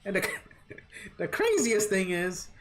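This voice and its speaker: A woman's voice: medium pitch, big pitch swings, takes it slowly, soft background music. A woman livestreaming a fighting game, ranting bluntly and swearing while she plays. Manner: blunt, profane, laughs at her own rants. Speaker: gaming livestreamer. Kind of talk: casual commentary while playing a fighting game.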